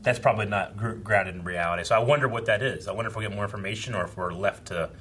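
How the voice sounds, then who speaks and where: Animated young man, bright voice. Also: very fast, slight background noise. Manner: animated, acts out characters with sudden high yelps. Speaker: reaction show co-host. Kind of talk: casual chat.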